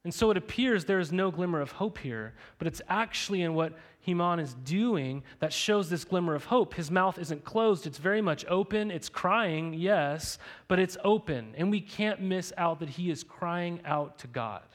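A man's voice: high-pitched, lively intonation, moderate pace, hardly any pauses. A young man preaching a sermon to his congregation in a conversational way, full of rhetorical questions and "right?". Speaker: pastor.

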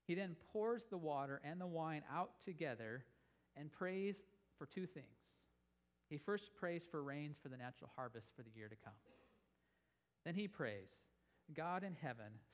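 A man's voice: fairly high pitch, dull audio. A man preaching a sermon on scripture, telling the story with energy and raising his voice for emphasis. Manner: animated storytelling, rising with emphasis. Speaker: pastor. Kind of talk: sermon teaching.

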